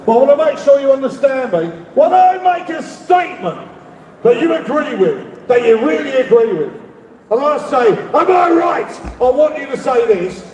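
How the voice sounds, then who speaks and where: Middle-aged london guy ranting at a rally, real high voice, far off the mic in an echoey space. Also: sing-song, normal speed. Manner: rambling, shouts out demands, leads call-and-response. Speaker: activist speaker at a rally. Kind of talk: rally speech. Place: public rally. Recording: echoey, distant, with crowd noise. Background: faint crowd and ambient noise.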